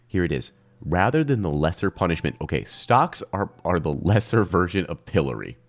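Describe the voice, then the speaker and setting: Man, low voice, lively swooping pitch, rambling jokey podcast chat. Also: normal speed. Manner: animated, rambling, jokey, leaps up in pitch for emphasis. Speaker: podcast co-host. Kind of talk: casual chat.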